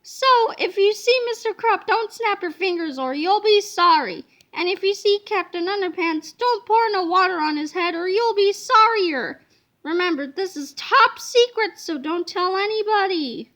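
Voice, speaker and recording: Very high, bright woman reading aloud. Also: moderate pace. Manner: expressive, playful storybook delivery. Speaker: reader. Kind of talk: reading a children's book aloud.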